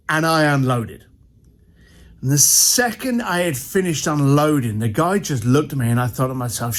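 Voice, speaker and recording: A man delivers a motivational story with blunt, punchy directness, acting out bits of dialogue as he goes. His voice sits high and swings widely in pitch. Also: sing-song, brisk, a bit bright. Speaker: entrepreneur coach.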